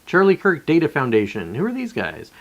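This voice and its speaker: On a live stream, a man chats casually with a slightly high voice and wildly swooping pitch, speaking briskly. He rambles and swears, often cutting himself off mid-sentence to start again. The audio sounds dull.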